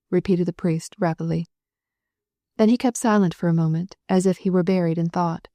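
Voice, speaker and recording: Woman audiobook narrator, measured reading, dark mellow voice. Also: lowish voice, steady tone, dry recording, clean studio sound. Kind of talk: scripted novel narration.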